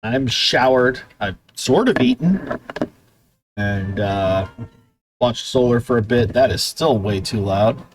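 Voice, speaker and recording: A woman's voice: extremely low pitch, lively intonation, slow pace, a little hiss or hum. A woman streamer chatting casually to herself and her viewers at the start of a live game stream, rambling and self-talking. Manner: rambling, self-talk, coos at her pet.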